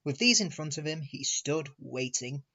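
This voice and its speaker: A man reading a children's railway storybook aloud in a measured, expressive way. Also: a little high, highs cut off. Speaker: reader. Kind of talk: storybook narration.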